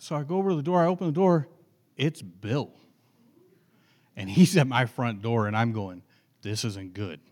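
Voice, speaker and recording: A man preaching, telling a personal story and acting out the voices of the people in it. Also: medium pitch. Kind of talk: sermon storytelling.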